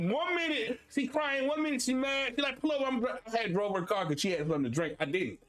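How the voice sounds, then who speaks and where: He's a streamer and host from Florida, in his forties, telling animated stories full of laughter. His delivery lurches from high, excited outbursts down to low asides, and he's a fast talker.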